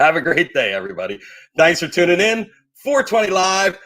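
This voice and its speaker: A man's voice: high-pitched, big pitch swings, fairly quick, pushed and bright, no echo, studio quality. A man hosting a casual livestream show, rambling and emotional, choked up and teary, with many fillers and restarts. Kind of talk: casual livestream sign-off chat. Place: home.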